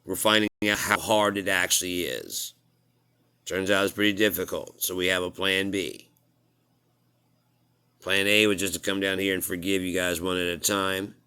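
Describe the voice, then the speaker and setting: A man's voice: low voice, steady tone, moderate pace, bright, forceful tone, smooth. A man in a rambling, profane casual monologue, chuckling at his own jokes.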